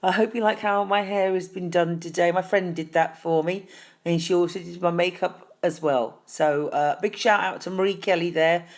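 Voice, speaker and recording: A middle-aged woman hosting a deadpan comic tutorial, chatty and fussy, calling viewers darling. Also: fairly low pitch, normal speed. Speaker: host.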